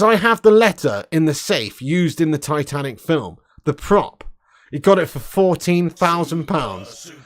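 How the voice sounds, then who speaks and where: A young man hosting a casual livestream, reading super chats, loud and sweary with lots of banter. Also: high-pitched. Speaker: livestream host.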